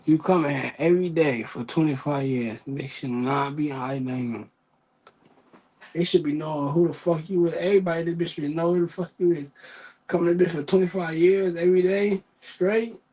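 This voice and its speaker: A man's voice: a little high, a little fast, mellow, low-quality recording. A man telling work stories in a casual, profane, exasperated rant, repeating himself.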